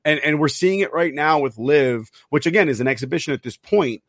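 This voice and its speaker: A man co-hosting a sports podcast, a profane storyteller who laughs often and mimics people loudly. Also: fairly high pitch, expressive, a little fast, dry recording, studio quality. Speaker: podcast co-host. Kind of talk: casual sports chat.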